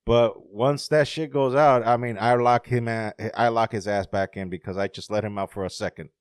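A man in casual podcast chat, profane and animated, telling stories about his family and his past. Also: mid-range voice, moderate pace, clean tone, no room sound, clean studio sound.

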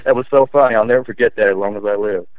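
A middle-aged man, a former high school basketball player, telling his memories in a rambling, animated way with many fillers. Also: rapid-fire, dry recording, narrow, tinny audio. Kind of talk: casual interview storytelling.

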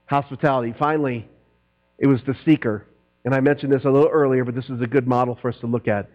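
A middle-aged man preaching a sermon, swinging between loud, animated preaching and quiet asides. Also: mid-range voice, fast talker. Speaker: pastor. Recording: dull lo-fi recording with mains hum.

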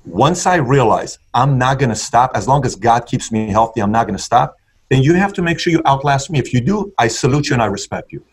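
A man's voice: medium pitch, expressive, a little fast, husky. A man telling his story in conversation with an intense, punchy motivational delivery. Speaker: guest entrepreneur.

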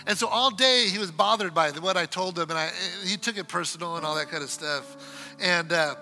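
A man preaching a sermon and telling a story, acting out the dialogue and swinging from loud exclamations to quiet asides. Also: high-pitched, a little fast, soft background music. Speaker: pastor.

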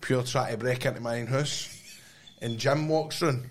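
A man's voice: medium pitch, normal speed. A Scottish man co-hosting a podcast, telling a funny story in casual chat and acting out the voices with frequent laughs. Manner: animated storyteller, acts out voices and laughs often. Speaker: podcast co-host. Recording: noisy background.

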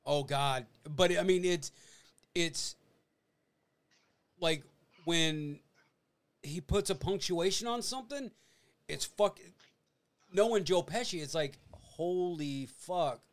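A man hosting a podcast, telling stories in a casual, animated and profane way. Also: on the high side, slow, pauses often. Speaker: podcast host. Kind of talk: casual chat.

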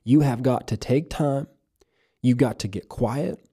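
This male preacher's sermon is earnest and emphatic, with scripture read aloud between his points. His voice is husky, mellow and dark, middle in pitch, and a little slow.

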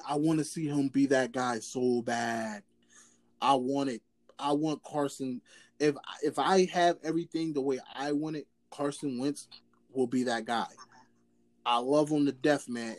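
A man's voice: a little high, darkish tone. A man co-hosting a casual sports chat, emphatic and repetitive, stammering as he starts his sentences. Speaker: podcast co-host.

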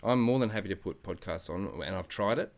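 A man's voice: fairly low pitch, animated, a little fast, creaky. A man co-hosting a casual family podcast, playful and joking.

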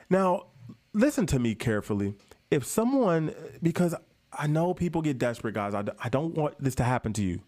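A man's voice: a little high, big pitch swings, brisk, a little mellow. Chatty, emphatic man vlogging to viewers. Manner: emphatic, chatty, keeps addressing viewers as guys; repeats himself for stress. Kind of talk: casual talk to camera.

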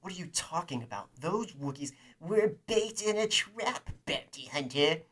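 A man's voice: a little high, animated, unhurried, fairly bright tone, voice pushed up. A man voicing a plump, pompous imperial governor who taunts his prisoner. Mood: gloating. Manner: haughty, taunting.

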